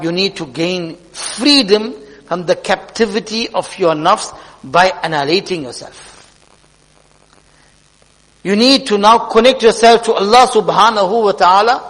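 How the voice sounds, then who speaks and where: High-voiced preacher. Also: male voice, a bit bright. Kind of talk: sermon with storytelling. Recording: long hall reverb.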